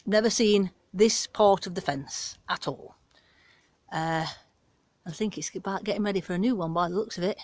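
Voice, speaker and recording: A woman's voice: mid-range voice, normal speed, no echo. Chatty British woman in her garden. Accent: British English. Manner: chatty, rambling, down-to-earth. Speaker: gardening vlogger. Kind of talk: casual chat. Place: outdoor back garden.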